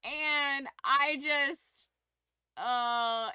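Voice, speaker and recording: A woman streaming from her room at home, chatting casually with viewers in a rambling, excitable way and laughing often. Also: high voice, very slow, no room sound. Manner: animated, rambling fan enthusiasm with frequent laughs.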